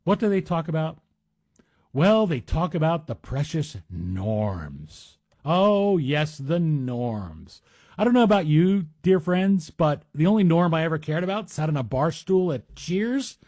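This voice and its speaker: A middle-aged man hosts a talk radio monologue in a husky, slightly raised voice. He talks in a chatty, wry way full of self-deprecating asides, recorded close on a dry studio microphone. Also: fairly high pitch, a little mellow, no echo. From Greek heritage. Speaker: radio guest host.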